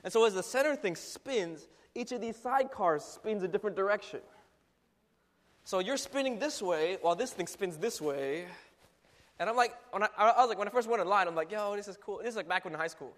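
A young man in a casual storytelling monologue, animated and full of filler words, acting out ride noises. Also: sits high, brisk. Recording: long hall reverb.

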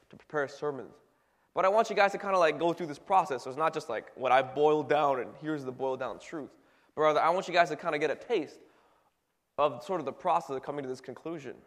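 A youthful-sounding man preaches in a loose, chatty way, stumbling over restarts and peppering his talk with fillers. His voice sits a bit high for a man. The sound rings with a long hall reverb. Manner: conversational, many fillers and restarts. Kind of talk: casual sermon.

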